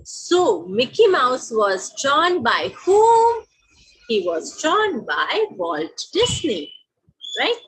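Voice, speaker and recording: A woman's voice: high-pitched, huge pitch swings, very slow, rough recording. A woman with an Indian English accent teaching a grammar lesson, repeating each example sentence and asking questions that she answers herself.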